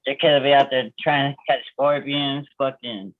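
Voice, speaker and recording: A man's voice: medium pitch, fairly even intonation, normal speed, dry recording. A man co-hosting a podcast, joking in laughing, profane banter. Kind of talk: crude casual banter. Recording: tinny phone-like line, dry.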